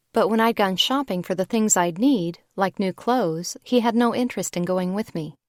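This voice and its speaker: A woman narrating a young adult audiobook in the first person, relaxed and conversational. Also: medium pitch, no echo, clean studio sound.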